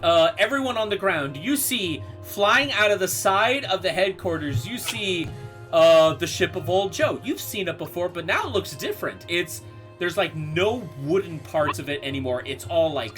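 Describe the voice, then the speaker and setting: A man's voice: sits high, a bit bright. A man narrating a tabletop game as game master, loose and rambling with lots of fillers.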